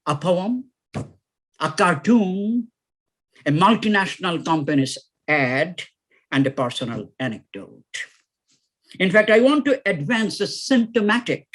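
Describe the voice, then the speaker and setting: A man giving a plenary academic lecture, reading a poem aloud dramatically with shouted refrains. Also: high-pitched. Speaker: plenary speaker.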